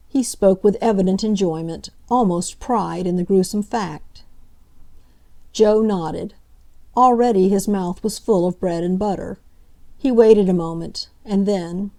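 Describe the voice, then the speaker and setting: A woman narrating a classic novel as an audiobook, in a measured, dramatic storytelling manner. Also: fairly low pitch, steady tone, dark tone.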